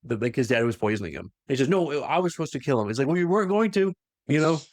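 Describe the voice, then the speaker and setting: A man's voice: medium pitch, animated, rapid-fire, dry recording, clean studio sound. A young man co-hosting a podcast, casually retelling a story and acting out the quoted lines in funny voices. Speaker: podcast co-host.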